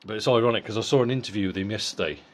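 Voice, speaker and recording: A man's voice: lowish voice, rapid-fire. A middle-aged man giving a casual, blunt boxing fight review, swearing freely and often repeating words as he goes. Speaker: boxing vlogger.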